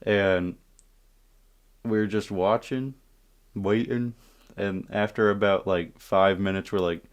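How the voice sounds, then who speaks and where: A man with a very low voice tells a story time tale in a loose, casual way. He swears freely, acts out the moments with energy and breaks off to speak to his viewers. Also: a little slow, long pauses, clean tone, muffled recording. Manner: profane, animated retelling with asides to viewers.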